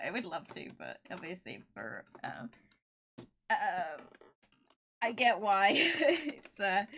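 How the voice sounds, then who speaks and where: Bright-voiced giggly woman streamer. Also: mid-range voice. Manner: excitable, giggly, rambling with many fillers. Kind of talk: casual live-stream chat.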